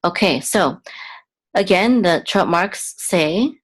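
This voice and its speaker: A woman teaching how to read and chant scripture, explaining patiently with pauses and restarts. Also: on the low side, animated, slightly rough. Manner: patient, hesitant, with fillers and restarts while pointing at text. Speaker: Biblical Hebrew teacher. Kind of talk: explanatory lesson with chanted examples.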